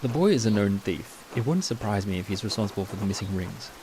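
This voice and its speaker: A man voicing a polite male servant of a baron, who speaks in a measured, formal and deferential way as he reads game dialogue aloud. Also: on the low side, lightly acted. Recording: steady rain noise behind.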